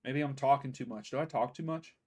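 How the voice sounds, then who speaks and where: A man with a medium-pitched voice hosts a live soccer watchalong from home. He talks loosely and casually, running through scores with fillers and restarts. He sounds a bit sleepy. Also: a little fast, darkish tone. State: sleepy, yawning. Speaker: watchalong streamer host. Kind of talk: casual live-stream commentary.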